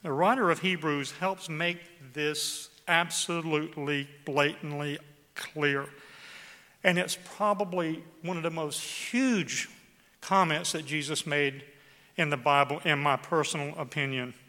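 Man, pastor, sermon, bright forceful tone, dramatic scripture reading, long church-hall reverb. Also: a little high. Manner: reads scripture aloud with dramatic emphasis, slowing on key words.

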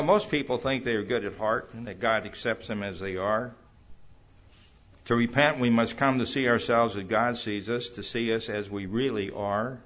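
A man's voice: mid-range voice, a bit bright, highs cut off. A man preaching a sermon to a congregation, reading scripture and building up emphatically on the quoted passages. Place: church hall.

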